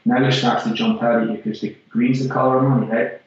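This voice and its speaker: A man's voice: mid-range voice, little pitch movement, fast. A Scottish man and regular segment host giving an emphatic motivational monologue about fitness business, repeating key phrases for punch. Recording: very echoey, distant, dull-sounding room.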